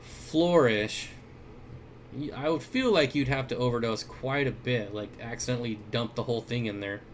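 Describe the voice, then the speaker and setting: Speaking into a desk mic indoors at his store or fish room, this man hosts a laid-back livestream where he chuckles, uses lots of filler words, and responds to aquarium questions from viewer comments he reads out. He owns the aquarium shop, talks at a normal speed in a mid-range voice, and there's slight background noise.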